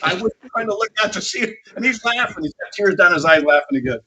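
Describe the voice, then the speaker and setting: A man's voice: high-pitched, expressive, fast, sharp tone, a little hiss or hum. A man telling a rambling, salty off-road racing yarn to a panel in casual chat. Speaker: panel guest. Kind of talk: casual storytelling. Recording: dull lo-fi audio.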